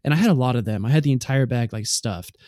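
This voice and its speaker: A man's voice: medium pitch, fast talker, a little mellow, no echo, clean studio sound. Rambling man telling a long story. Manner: rambling, anecdotal, many "like" and "right?" fillers. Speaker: podcast co-host. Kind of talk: casual podcast storytelling.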